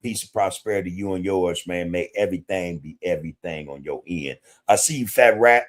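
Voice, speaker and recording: A man's voice: low-pitched, a little fast. A man hosting a podcast livestream, talking bluntly in street slang with plenty of profanity and greeting viewers in the chat. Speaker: podcast host. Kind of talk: casual livestream commentary.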